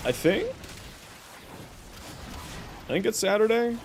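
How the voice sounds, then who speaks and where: A man's voice: sits high, expressive, slow pace, noisy background. A man live-streaming a video game, upbeat and chatty, greeting viewers and answering their questions. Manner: upbeat, greets chat warmly, baby-talks his pet.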